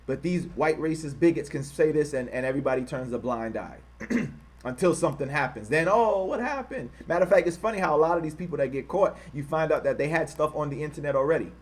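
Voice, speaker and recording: A man hosting an online show, reading items off his screen and talking about them. He repeats himself often and gets loud and high-pitched when he is worked up. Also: fast talker. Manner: repetitive, grows loud and high when heated, mocking quoted voices. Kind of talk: livestream commentary reading from a screen.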